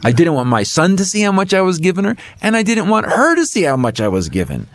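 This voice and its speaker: A man's voice: sits high, fast, no echo. A middle-aged man, an author and guest, telling a faith story and acting out the voices in it. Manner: animated storyteller acting out dialogue.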